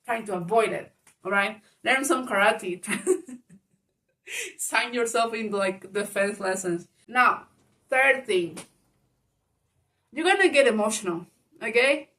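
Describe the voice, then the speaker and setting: A woman's voice: fairly high pitch, animated, takes it slowly, long pauses, a bit bright, distant mic. A woman giving casual spoken advice to viewers, frank and chatty, laughing often, swearing and calling the listener baby. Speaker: advice vlogger.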